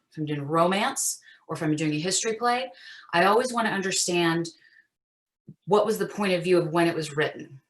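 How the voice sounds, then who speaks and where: A woman teaching an acting master class over a video call, chatty and animated with frequent fillers. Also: on the low side.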